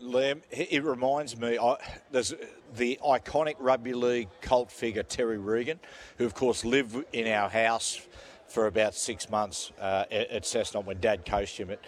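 An Australian man hosting a morning radio show, telling stories in a jovial, animated way. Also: medium pitch, moderate pace. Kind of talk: casual radio banter.

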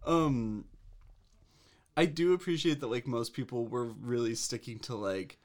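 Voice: medium pitch, lively intonation, moderate pace, darkish tone. A podcast co-host in casual book chat, wry and jokey. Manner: wry, jokey, mock-formal ad voice. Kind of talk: casual chat about books.

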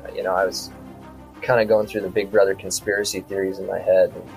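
A man's voice: low-pitched, little pitch movement, fast talker, gravelly, faint music behind, poor audio. A man from South Dakota, a podcast guest, telling a story in a casual, rambling way full of quoted back-and-forth dialogue.

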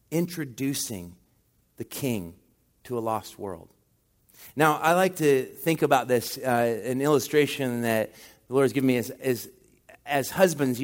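A man delivering a sermon as a visiting pastor, speaking in a middle register. He keeps it conversational and jokes at his own expense. On key points his voice climbs and grows louder. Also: medium pitch. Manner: conversational preaching with self-deprecating humor. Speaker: guest pastor.

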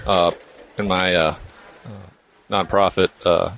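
A man guesting on a golf podcast, telling his story in an easygoing way with small "uh" pauses. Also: low voice, flat delivery, creaky, a bit bright, highs cut off. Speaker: guest, former football player. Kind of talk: relaxed interview storytelling.

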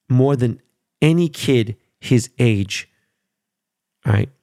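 Gravelly-voiced father ranting heatedly. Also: lowish voice, mellow, no echo, studio quality. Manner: heated, swears, repeats himself. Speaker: father telling a story. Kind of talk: casual monologue to viewers.

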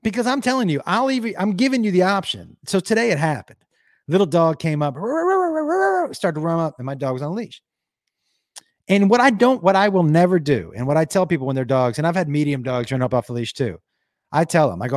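A middle-aged man tells a story and reads viewer comments on a casual livestream, ranting bluntly and swearing freely. His voice sits a little high and swings widely in pitch. It is picked up close and dry, with no room sound. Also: a little fast, no room sound. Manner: animated, profane, ranting storytelling. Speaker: live streamer reading viewer comments.

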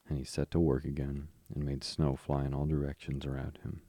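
A man narrates a bedtime story in a calm, even reading. His voice is very low and dark, with little movement in pitch. The sound is close and dry. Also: fairly quick, hardly any pauses, no echo. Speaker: podcast host and reader.

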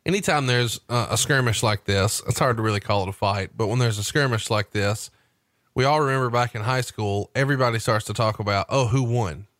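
A man hosting a podcast, retelling a backstage story with animated energy and asking his co-host questions. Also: on the low side, a little fast, dry recording, studio quality. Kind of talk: casual storytelling chat.

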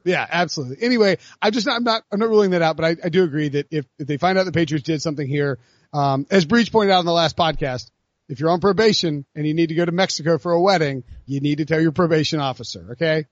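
A man co-hosting a sports podcast in casual chat, rambling and animated with many restarts. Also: fairly high pitch, quick pace, dry recording, muffled recording. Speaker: podcast co-host.

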